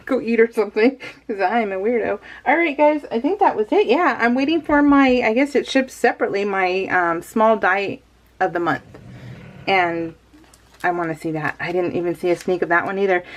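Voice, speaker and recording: A woman vlogger chatting casually and laughing at herself as she unboxes a craft kit. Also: on the high side. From California. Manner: chatty, giggly, talks to herself.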